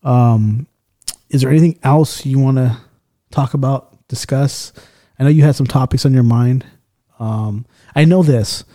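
A man's voice: medium pitch, a little slow, warm tone. A man hosting a podcast in casual chat, loose and swearing often as he tells stories and acts out the people in them. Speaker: podcast host.

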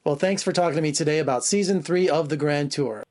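A man's voice: fairly high pitch, fast, darkish tone. A man interviewing a guest, eager and upbeat, poking fun at himself. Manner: eager, upbeat, self-deprecating. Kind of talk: entertainment interview.

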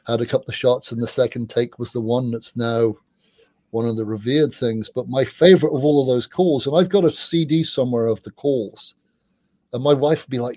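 A middle-aged man, a music journalist, telling rambling, animated anecdotes with casual swearing as an interview guest. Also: mid-range voice, a little fast, no room sound.

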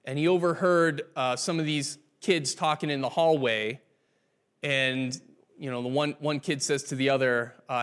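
A male pastor delivering a sermon in a relaxed, conversational storytelling way. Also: mid-range voice, a little slow, smooth.

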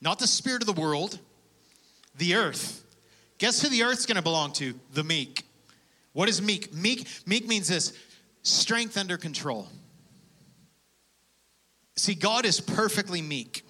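High, bright-voiced male pastor preaching. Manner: animated, conversational preaching with laughs and acted-out prayers. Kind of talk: sermon.

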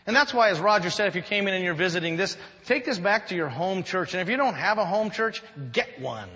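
A man's voice: high voice, expressive, brisk, bright, forceful tone, long reverb tail, muffled recording. A man preaching a sermon as pastor, conversational, with jokes and rhetorical questions. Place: church sanctuary.

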